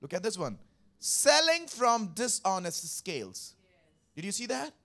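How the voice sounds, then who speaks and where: High-voiced male pastor preaching emphatically. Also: big pitch swings, unhurried, a bit bright. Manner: emphatic, repeats key phrases, calls for congregation response; explains scripture verse by verse. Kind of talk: sermon.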